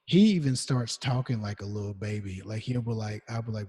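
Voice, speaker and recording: A man co-hosting a casual podcast, telling stories in a relaxed way with many fillers and restarts. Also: on the low side, fairly quick, few pauses, slightly rough. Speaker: podcast co-host. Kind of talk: casual chat. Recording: long reverberant echo.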